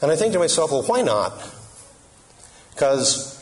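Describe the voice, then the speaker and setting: A man's voice: fairly high pitch, very animated, a little slow. Joking man giving a Catholic talk. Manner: joking, conversational, asks the audience questions. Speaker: Catholic speaker. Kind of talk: humorous religious talk.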